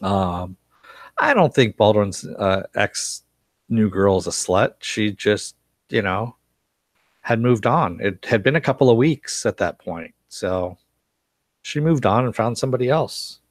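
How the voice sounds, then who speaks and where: A man with a lowish voice and wide pitch swings speaks at a measured pace in a dry, echo-free recording. He hosts a casual live-stream recap of a TV series, reading chat comments aloud and rambling with plenty of fillers, chuckles, and restarts.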